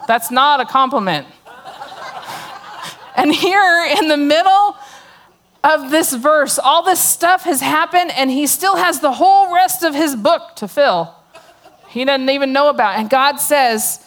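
Speaking at a measured pace, this middle-aged woman has a high voice with lively intonation. She's telling a funny testimony story at a church gathering, punctuated by sarcasm and frequent laughter.

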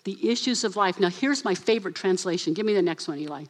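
A woman's voice: mid-range voice, fast. A woman preaching to a congregation, telling stories with acted-out voices and addressing listeners directly. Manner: animated, acts out voices, addresses assistant for slides. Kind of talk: lively sermon.

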